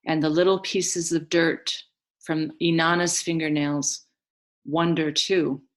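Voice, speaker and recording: A woman storyteller recounting an ancient myth in a slow, hushed, incantatory way. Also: low-pitched, little pitch movement. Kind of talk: mythic storytelling.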